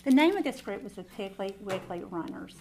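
A woman leading a Bible study, telling a lively personal testimony and then praying. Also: mid-range voice, brisk, a crowd in the background. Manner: animated, chatty storytelling with asides.

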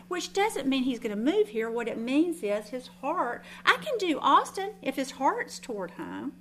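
A woman's voice: high-pitched, very animated, normal speed, hardly any pauses, a bit bright, a little hiss or hum. Chatty woman Bible teacher. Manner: chatty, self-deprecating storytelling with frequent restarts. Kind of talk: informal sermon to a group.

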